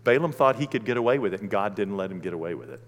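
A man preaching a sermon, animated, swinging between loud outbursts and hushed, gentle talk. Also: lowish voice, racing, in a large hall.

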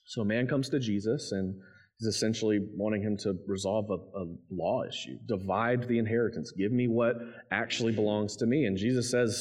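A man's voice: lowish voice, brisk. A man preaching a sermon, reading scripture and then explaining it in a conversational, emphatic way. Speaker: pastor.

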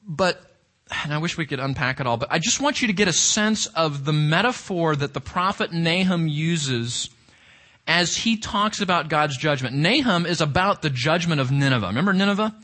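A man's voice: a little high, lively intonation, normal speed, sharp tone. A male pastor preaching a sermon with emphasis, reading scripture aloud and asking the congregation rhetorical questions.

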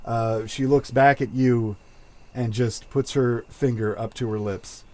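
Slow, halting male game master. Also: mid-range voice, fairly even intonation, dark tone. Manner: slow, hesitant narration with many fillers. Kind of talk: narrating a tabletop game.

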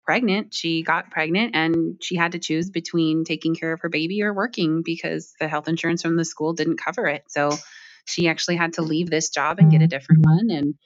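A woman teacher answering interview questions earnestly, with frequent pauses. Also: sits low, steady tone. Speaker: striking schoolteacher. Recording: slightly dull lo-fi sound.

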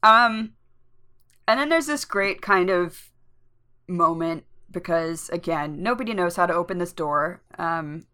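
A woman's voice: fairly low pitch, lively intonation, measured pace, sharp tone, clean tone. A woman co-hosting a podcast, retelling a book chapter in a casual chat with fillers and laughs. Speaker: podcast co-host.

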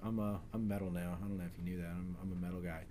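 A man's voice: low-pitched, steady tone, racing, dark tone, slight background noise. Rambling middle-aged man podcast host. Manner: rambling, self-correcting, jokey. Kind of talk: casual chat.

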